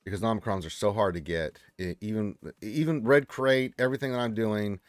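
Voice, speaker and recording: A man's voice: on the low side, fast talker, no room sound. A man hosting a casual gaming livestream, chatting loosely and reading viewer comments with a joking manner. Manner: laid-back, rambling, joking. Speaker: livestream host.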